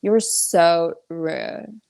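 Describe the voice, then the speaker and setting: A woman's voice: lowish voice, very slow, gravelly, a little mellow, smooth, dry recording, studio quality, full character voice. A woman doing a whiny drawling American socialite. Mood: petulant. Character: spoiled rich American woman scolding a friend.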